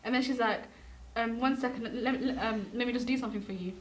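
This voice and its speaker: Brief: quick, fairly high teen girl, animated storyteller, casual chat. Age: late teens. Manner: animated storyteller, acts out quotes. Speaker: student guest.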